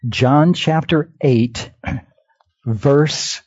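A male preacher with a husky, fairly high voice delivers a sermon at an unhurried pace. His delivery swings between hushed near-whispers and raised, emphatic cries. The recording is dull and lo-fi, with a dry, close sound. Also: dry recording.

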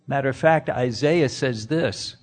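A man preaching a sermon, emphatic and full of rhetorical questions, swinging between loud and hushed. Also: medium pitch, measured pace. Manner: speaks to the congregation directly. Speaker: pastor.

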